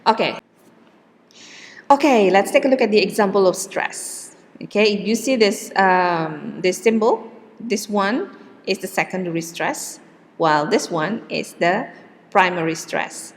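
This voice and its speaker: A woman lecturing on pronunciation at a slow, deliberate pace, stretching out example words to show where the stress falls. Her voice carries a long reverb, as if recorded in a large hall. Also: medium pitch, expressive. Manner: slow and patient, repeats words with exaggerated stress. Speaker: English teacher.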